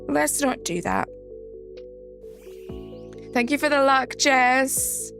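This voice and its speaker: Southern English woman with a gravelly voice. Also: sits high, extremely slow, over music. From south of England. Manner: chatty, greets viewers by name and reads chat aloud. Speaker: live-stream host. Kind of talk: casual live-stream chat.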